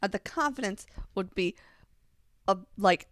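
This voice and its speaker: A woman's voice: mid-range voice, animated, dry recording. A woman in her twenties co-hosting a podcast, chatting eagerly and often chiming in with agreement. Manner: enthusiastic, agreeable, quick back-channel replies. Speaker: podcast co-host. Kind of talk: casual chat.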